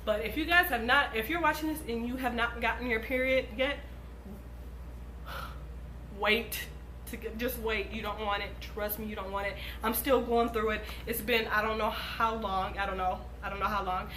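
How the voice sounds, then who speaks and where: A young woman vlogger tells a story straight to camera in a casual, animated way, swearing freely. Her voice sits a little high and sounds bright and forceful. The room is noticeably echoey. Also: normal speed, slight background noise.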